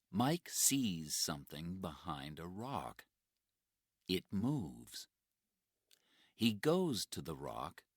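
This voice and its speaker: Deep male narrator for learner stories, very slow and deliberate, wide expressive melody. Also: dry recording, clean studio sound. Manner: very slow and clearly spoken for learners. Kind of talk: graded-reader story narration.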